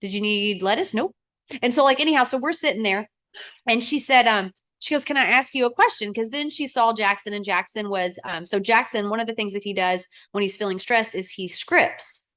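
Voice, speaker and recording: A woman's voice: medium pitch, moderate pace. A woman in her thirties, a real estate agent from Arizona, telling stories in casual chat and acting out what people said. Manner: animated, acts out quotes with a raised voice. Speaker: guest.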